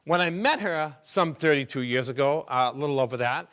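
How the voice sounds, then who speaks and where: A man's voice: fairly high pitch, lively intonation, brisk, fairly bright tone, clear, resonant tone. A middle-aged man doing a stand-up set, chatty and teasing the audience. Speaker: stand-up comedian. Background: audience laughter.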